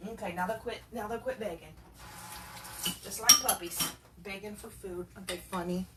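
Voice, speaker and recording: A home cook who hosts her own channel chats casually while cooking in her kitchen, laughing a lot and cooing at her cats. Her voice is medium-pitched with fairly even intonation and a normal pace. Loud kitchen clatter of dishes, cutlery and stirring creates heavy background noise.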